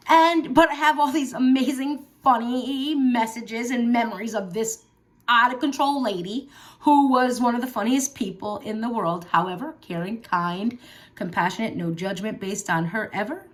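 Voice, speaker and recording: A woman's voice: high-pitched, moderate pace. A middle-aged woman talking earnestly and from the heart to her viewers in a personal vlog, with emphatic repeats and casual fillers. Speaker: vlogger. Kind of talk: personal talk to camera.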